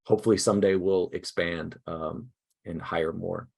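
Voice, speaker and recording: Man, workshop presenter, video call, upbeat, halting, lowish pitch. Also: steady tone, vocal fry, a little mellow, breathy edge. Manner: upbeat, halting, self-deprecating. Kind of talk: casual online workshop talk. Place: indoors at a desk.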